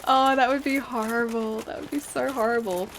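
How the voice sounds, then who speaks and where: A woman's voice: fairly high pitch, normal speed. Chatty Australian woman streaming a game. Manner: chatty, laughs often, thanks viewers while playing. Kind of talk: live gameplay commentary. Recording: steady background noise.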